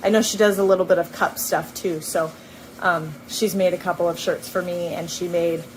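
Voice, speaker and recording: At home indoors, a vlogger in her twenties shares a casual story to a handheld camera on a gimbal, laughing a lot and filling her speech with ums and likes. Her voice is lowish with fairly even intonation and a moderate pace, and the rough recording carries a little hiss or hum.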